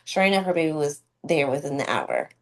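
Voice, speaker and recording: A woman speaks in a low, grounded voice in a relaxed podcast chat. She tells an emotional story from her work as a doula, emphatic and heartfelt. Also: a little fast, a crowd in the background. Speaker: doula and student midwife. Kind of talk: casual podcast conversation.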